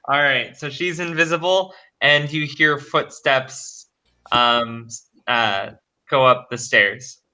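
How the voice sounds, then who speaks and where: Slow, bright-voiced male game master. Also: mid-range voice, fairly even intonation. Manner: unhurried, laughs often. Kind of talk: running a tabletop game.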